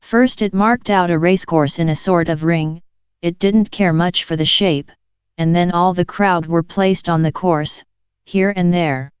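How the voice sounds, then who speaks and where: A woman narrating a children's audiobook in a gentle, measured storytelling manner. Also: fairly low pitch, fairly even intonation, clear, resonant tone, dry recording. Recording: dull lo-fi dry recording.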